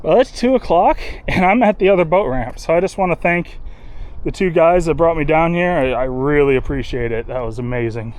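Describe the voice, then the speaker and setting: A man's voice: fairly high pitch, animated, a little fast, a little mellow, slight background noise. Upbeat man vlogging from a kayak. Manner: upbeat, rambling, many "uh" fillers. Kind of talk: casual travel vlog narration. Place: outdoors on a lake in a kayak.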